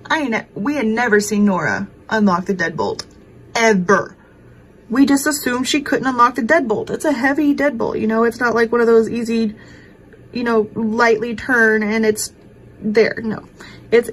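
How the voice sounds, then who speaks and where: A woman's voice: a little high, husky, low-quality recording. A woman, telling a story to camera at home in a rambling, emotional way with many fillers. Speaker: craft vlogger. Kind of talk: casual chat to camera.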